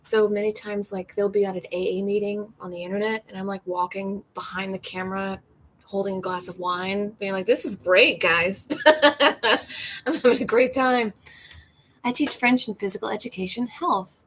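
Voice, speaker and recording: A woman's voice: mid-range voice, little pitch movement, normal speed, slight background noise, rough recording. Chatty woman hosting a casual livestream. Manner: rambling and chatty, laughs often. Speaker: livestream host reading viewer comments. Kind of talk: casual chat over a cocktail. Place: on her porch.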